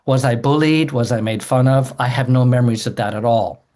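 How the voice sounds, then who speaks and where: A man's voice: mid-range voice, a little fast, darkish tone. A man, a doctor, giving an earnest explanatory talk to a group, often repeating words as he restarts a sentence.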